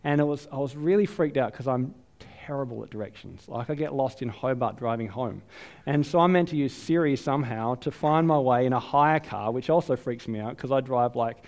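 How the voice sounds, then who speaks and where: An Australian man preaching a sermon, telling a self-deprecating story in a lively, chatty way. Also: mid-range voice, fairly quick. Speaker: pastor. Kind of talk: sermon with personal anecdote.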